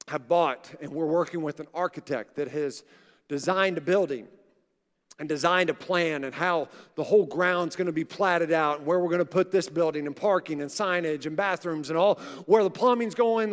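A man in his forties, a pastor preaching a sermon in a large church and telling personal stories in a conversational way, sometimes acting out the voices of people he quotes. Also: high-pitched. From Oklahoma. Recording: live church sound with long hall reverb.

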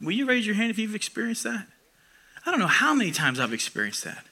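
A young man preaching with a high, very bright voice. He talks to the congregation like a friend, joking at his own expense. He swells loud on key lines, then pulls back soft and intimate. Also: wildly swooping pitch, fast talker, slightly rough. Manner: conversational, self-deprecating, swells loud for emphasis then drops soft. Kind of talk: sermon.

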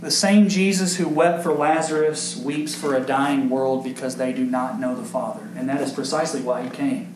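A man's voice: mid-range voice, fairly even intonation, moderate pace, hardly any pauses, darkish tone. A man preaching a sermon to his congregation as pastor, with emphatic rises and questions thrown to the room. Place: church sanctuary. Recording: echoey church room with faint background noise.

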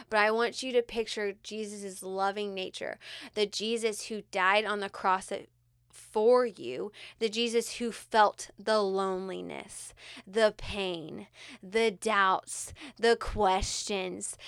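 Slow, smooth-voiced woman leading prayer. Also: medium pitch, fairly bright tone, no echo, studio quality. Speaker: podcast co-host. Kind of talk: guided prayer meditation.

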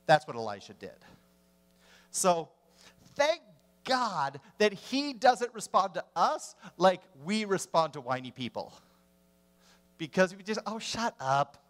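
High-voiced man preaching a lively sermon. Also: takes it slowly, pauses often. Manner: animated storytelling, acting out voices and swinging from loud to hushed. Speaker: pastor.

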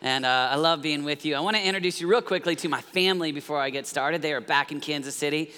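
Guest pastor, man, 40s; energetic sermon, urges congregation responses; reverberant church hall. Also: fairly high pitch, fast talker, clean tone.

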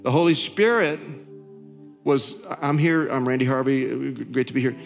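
A male pastor telling a story in his sermon, animated, his voice climbing high when he gets excited. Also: moderate pace, gravelly. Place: large church hall. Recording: hall reverb with faint music.

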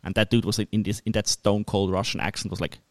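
A man co-hosting a casual podcast, talking in an animated way with lots of restarts. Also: on the low side, quick pace, dry recording. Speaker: podcast co-host.

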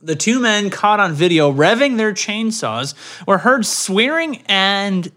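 Bright-voiced man co-hosting a podcast. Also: sing-song, takes it slowly. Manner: bursts into loud high put-on chants and quotes, trails off quietly. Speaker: podcast co-host reading news stories. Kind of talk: casual podcast banter.

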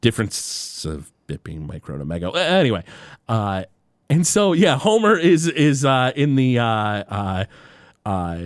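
A man's voice: mid-range voice, measured pace, dry recording, clean studio sound. A man co-hosting a casual podcast, retelling an episode and acting out the quotes as he goes. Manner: animated storyteller who acts out quotes. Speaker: podcast co-host. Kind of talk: casual episode recap chat.

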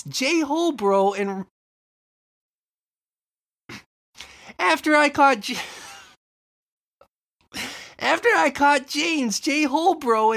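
A woman putting on a squeaky, fussy game shop owner. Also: fairly bright tone, exaggerated voice. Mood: hesitant. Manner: high, emphatic, hesitant gatekeeping. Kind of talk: improvised comedy skit.

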